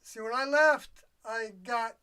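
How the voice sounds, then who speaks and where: An older livestream host, talking alone in a loose, confiding monologue, with mid-range pitch. The speech comes in halting, trailing phrases as the speaker searches for words. The voice sits a little back from the microphone. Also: pushed and bright, clean tone. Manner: reflective and confiding. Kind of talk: rambling solo livestream monologue. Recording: voice a bit distant from the mic.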